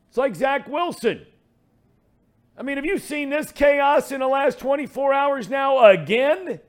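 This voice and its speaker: A man's voice: high voice, very animated, a little slow. A middle-aged man hosting a sports talk radio show, ranting in a fired-up way.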